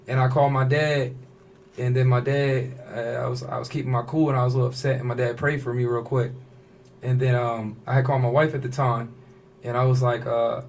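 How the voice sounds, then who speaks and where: A man's voice: mid-range voice, slight background noise. A man, a fashion designer on a podcast, telling a personal story in casual slang and often acting out what others said. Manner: animated storyteller, slips into quoted voices, casual slang.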